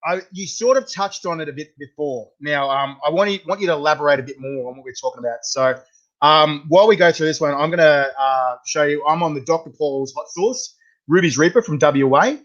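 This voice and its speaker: An Australian man hosts a casual interview, chatty and stumbling as he repeats words. His voice sits fairly high. The recording sounds dull and lo-fi. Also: a little fast, fairly bright tone. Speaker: podcast host.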